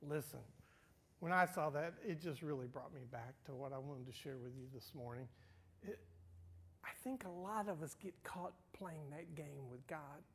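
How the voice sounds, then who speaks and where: An older man, a pastor, telling personal stories in a sermon, acting out dialogue and swinging from hushed asides to loud outbursts. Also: on the high side, moderate pace, slightly rough.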